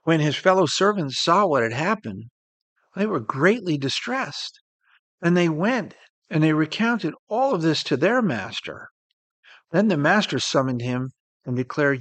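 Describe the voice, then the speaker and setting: A man delivers an earnest sermon in a voice pitched a little high. He swells up on key points and drops to a soft hush, and the sound is close and dry with no room behind it. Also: animated, a little slow, no room sound. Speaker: preacher.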